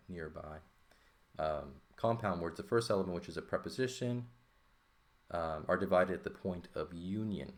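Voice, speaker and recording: Very deep-voiced man teaching a lesson. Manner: thinking aloud with many fillers and "right?" checks. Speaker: Greek teacher. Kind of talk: informal lesson walkthrough.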